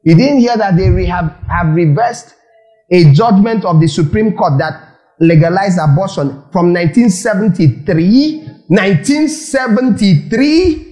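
A man preaching a sermon, animated and full of rhetorical questions to the audience. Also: high-pitched, poor audio.

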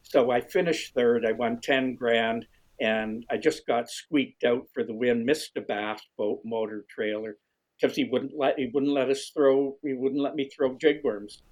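A middle-aged fishing writer with a husky voice tells a lively story as an interview guest, speaking a little slowly and often restarting his sentences. When quoting others his voice leaps high, and the recording quality is low.

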